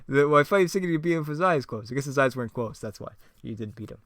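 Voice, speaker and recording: A young man riffs in a casual, self-mocking way, laughing often as he reads his old writing. His voice is bright and lively in pitch, recorded close in a dry space. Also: rapid-fire, few pauses, dry recording. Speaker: video host. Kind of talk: casual commentary reading old scripts.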